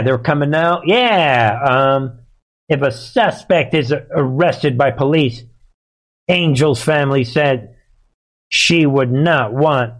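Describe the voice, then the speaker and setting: A man hosting live political commentary, sarcastic and heated, and he often laughs. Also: medium pitch.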